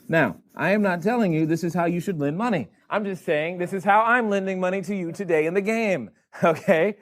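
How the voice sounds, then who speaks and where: A man's voice: high-pitched, brisk. A man running a board game for a live seminar audience, teasing them with playful questions. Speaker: real estate educator running a board game. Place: event room in front of a live audience.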